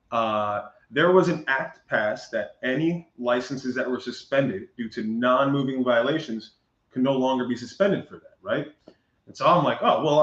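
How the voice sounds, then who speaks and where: A man spins a casual story as a guest, acting out each person's lines and breaking into laughs. His voice sits at an ordinary pitch. The recording is muffled and echoes around the room. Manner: animated, acts out quoted dialogue, laughs often.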